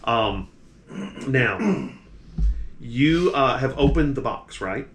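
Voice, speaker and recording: A man running a tabletop game, narrating in halting bursts full of restarts. His pitch is ordinary for a man. A faint hiss sits behind him. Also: animated, fairly bright tone. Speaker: game master.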